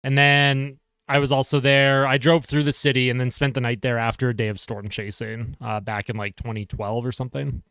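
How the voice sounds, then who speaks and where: Man, live-stream hockey commentary, smooth clear voice, dry close sound, chatty, answers chat. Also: mid-range voice, level tone, fairly quick, few pauses, a bit bright, no room sound. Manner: chatty, reads chat aloud and answers viewers.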